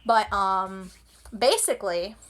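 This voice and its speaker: A woman's voice: medium pitch, takes it slowly, a bit bright. A woman ranting casually about a show she loves, gushing and rambling, with frequent restarts. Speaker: anime vlogger. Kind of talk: casual rant.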